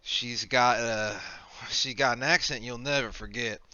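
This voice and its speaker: A sly male debt collector, voiced by a man, spins his words in a wheedling, offhand patter. His tone is very bright and cutting. The recording is dull and lo-fi. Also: mid-range voice, fairly even intonation, unhurried, clean tone, dry recording. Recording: dull lo-fi mic.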